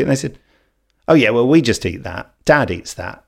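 A man's voice: mid-range voice, lively intonation, normal speed, vocal fry. A middle-aged man with a wry, self-deprecating way of telling stories in casual chat.

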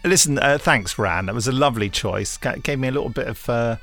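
A man's voice: mid-range voice, brisk, a bit bright, soft background music. A man hosting a podcast, chatting in a rambling, fond way with many fillers. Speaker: podcast host. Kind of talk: casual chat.

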